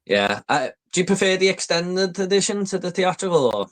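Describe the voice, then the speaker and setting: A man's voice: high-pitched, very animated, brisk. Male host, eager, rambling, conversational podcast delivery. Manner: enthusiastic, rambling with fillers. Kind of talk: casual chat.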